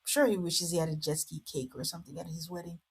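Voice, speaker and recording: Chatty woman recapping, lower voice. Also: fairly even intonation, fast, breathy edge. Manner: chatty, amused, lots of "like". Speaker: podcast host. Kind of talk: casual reality-show recap.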